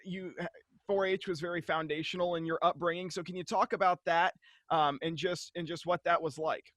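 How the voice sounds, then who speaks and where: A man's voice: on the high side, steady tone, a little fast, a bit bright, dry recording. A man hosting an interview, asking questions hesitantly with restarts and fillers. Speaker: interviewer, host.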